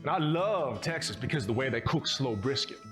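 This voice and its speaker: A man putting on a deliberately bad, exaggerated Texan cowboy accent for a laugh. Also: mid-range voice, big pitch swings, music in the background. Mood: playful.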